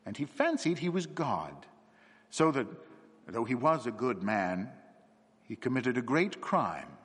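A man voicing a gentle, perceptive little priest who speaks gravely and calmly. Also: medium pitch, a little slow, exaggerated voice. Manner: grave, quiet and calm. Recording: long hall reverb.

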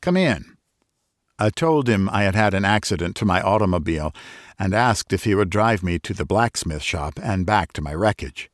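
A man hosting a story show, reading a first-person tale in a measured, deliberate way. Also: sits low, no room sound, studio quality. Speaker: storyteller host.

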